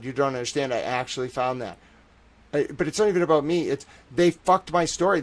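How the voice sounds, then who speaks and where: A young man hosting a livestream, ranting excitedly and profanely, swinging from shouting outrage to low muttering. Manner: profane, emphatic. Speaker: livestream host.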